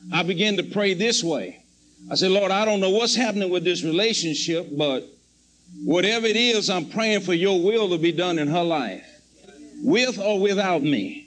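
A man with a high voice preaches a testimony sermon. He tells it as a story, acting out his own past words and prayers. His pleading prayers climb to fervent cries. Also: lively intonation, normal speed, fairly bright tone, low-quality recording.

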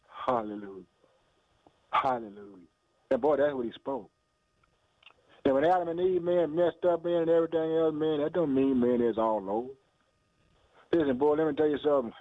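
A man's voice: a little high, expressive, moderate pace, pauses often, no echo. Man, radio preacher, call-and-response sermon, tinny lo-fi phone-band audio, very dry sound. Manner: call-and-response preaching, rhetorical questions, frequent "boy" and "man"; laughs between phrases, shouts hallelujah.

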